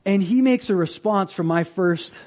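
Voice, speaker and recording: A man's voice: high voice, moderate pace, darkish tone. A man preaching a sermon as pastor, telling stories animatedly and acting out the voices of the people he quotes.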